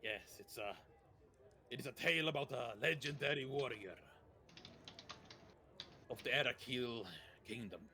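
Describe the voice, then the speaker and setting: A man voicing a grumpy, proud dwarf in a tavern, gruff and blustering. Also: medium pitch, bright, forceful tone, a little hiss or hum. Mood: storytelling. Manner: gruff, quick to bluster and slam the table.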